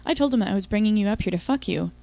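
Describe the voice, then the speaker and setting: A woman's voice: medium pitch, lively intonation, quick pace, gravelly, warm tone. A woman voicing a playful man in a zombie costume who grunts in broken caveman talk, in an audiobook. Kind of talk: audiobook character voice.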